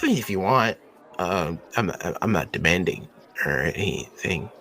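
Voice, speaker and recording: A man's voice: low voice, lively intonation, normal speed, sharp tone, heavily acted. A man voicing an awkward, nervous young man who stammers and hesitates. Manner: stammering, hesitant, many fillers.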